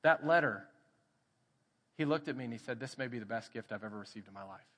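Texan male pastor, lively sermon storyteller, bright edge, church hall reverb. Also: mid-range voice, fast talker. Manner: animated storytelling, acts out quoted voices. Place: church sanctuary.

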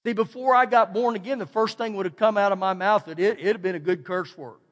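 A middle-aged Texan pastor with a fairly high voice preaches in a folksy, animated way, doubling his phrases as he tells a story. His voice rings with a long reverb from a large church hall. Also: fast. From Texas. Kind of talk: storytelling sermon. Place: church sanctuary.

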